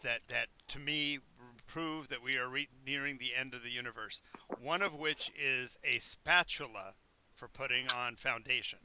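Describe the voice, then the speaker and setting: A man's voice: mid-range voice, moderate pace, sharp tone, slight background noise. A man narrating a tabletop game as game master, rambling into asides and stumbling over repeated words.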